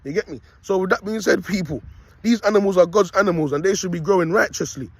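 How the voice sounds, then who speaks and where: A man's voice: high-pitched, fast talker, husky, no echo. A young man, filming himself on a phone outdoors while walking his dog, delivering a rambling, preachy monologue that he keeps punctuating with "you get me" and "people.". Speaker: self-styled prophet vlogger.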